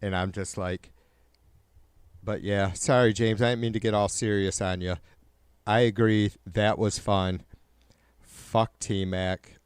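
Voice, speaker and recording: A man's voice: lowish voice, steady tone, takes it slowly, pauses often, clean tone, dry recording. A man hosting a livestream in casual chat, swearing constantly and ranting heatedly to his viewers. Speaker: livestream host.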